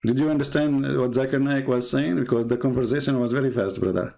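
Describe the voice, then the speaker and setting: A man's voice: medium pitch, fairly even intonation, fast, creaky, darkish tone. A man talking on a live stream as an online religious debater, combative and mocking, repeating himself and laughing at his own jokes.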